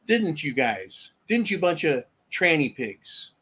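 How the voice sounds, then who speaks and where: A man's voice: fairly high pitch, very animated, slow pace, sharp tone, breathy edge. A middle-aged man hosting a solo commentary rant, rambling, sarcastic and profane. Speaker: host.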